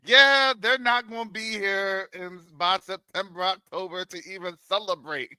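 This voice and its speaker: A man from Florida hosting his own channel, talking in a casual, animated commentary monologue with jokey asides and preacher-like calls. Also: sits high, moderate pace, smooth, no echo. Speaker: channel host.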